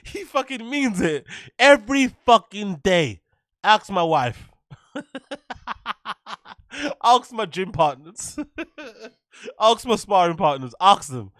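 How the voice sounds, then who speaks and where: A man's voice: high-pitched, lively intonation, slow, long pauses, a bit bright, dry recording, studio quality. A man hosting a livestream, ranting through commentary with lots of swearing and laughter. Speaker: livestream host.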